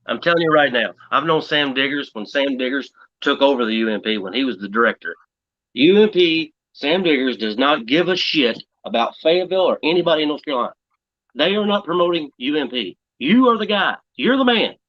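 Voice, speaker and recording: A man's voice: fairly high pitch, expressive, no echo. Blunt man track owner, curses freely, dry dull lo-fi stream audio. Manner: blunt, swears, lists places rapidly. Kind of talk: heated panel debate.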